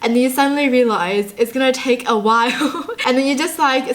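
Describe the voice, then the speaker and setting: A woman with a high, light voice hosts a casual reaction vlog. She talks in a chatty, self-mocking way, tossing quick asides straight to her viewers. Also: slight background noise. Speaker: YouTube host.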